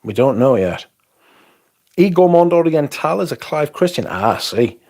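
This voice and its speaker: A man's voice: fairly high pitch, sing-song, moderate pace, a little mellow. A young man hosting a livestream, chatting casually, rambling and swearing as he reads comments aloud. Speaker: livestream host.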